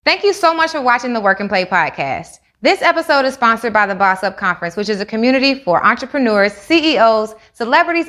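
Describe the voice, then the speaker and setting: A woman hosting a podcast, giving warm affirming replies and reading a sponsor message. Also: a little high. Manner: affirming, short encouraging replies. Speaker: podcast host. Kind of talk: interview and sponsor read.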